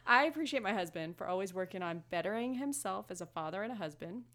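A woman's voice: medium pitch, animated, fast, fairly bright tone. A woman co-hosting a podcast, talking in an upbeat, teasing and blunt way. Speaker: podcast co-host. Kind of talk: casual chat.

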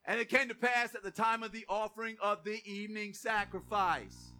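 A pastor preaching a sermon and reading scripture. He talks conversationally, keeps asking the congregation for responses, and rises to loud, emphatic proclamation. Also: sits high, steady tone, normal speed.

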